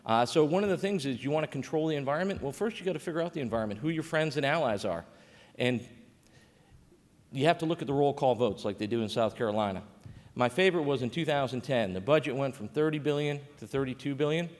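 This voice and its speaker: A man with a mid-range voice talks fast and with lively intonation on a conference panel, speaking conversationally as a state coordinator. He uses plenty of fillers and restarts, and the hall around him is reverberant.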